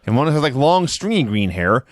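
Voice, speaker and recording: A man's voice: mid-range voice, very animated, moderate pace, no echo, studio quality. A man co-hosting a casual podcast, with wry, sarcastic remarks. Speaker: podcast co-host. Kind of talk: casual chat recapping wrestling.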